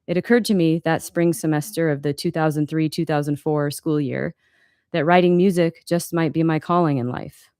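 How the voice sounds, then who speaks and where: Woman, 30s, from LA, wry author reading her own book aloud; smooth voice, dry close mic. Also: low-pitched, fairly even intonation, normal speed, darkish tone, no room sound. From Los Angeles, USA. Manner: candid, wry, occasionally stumbles and corrects herself.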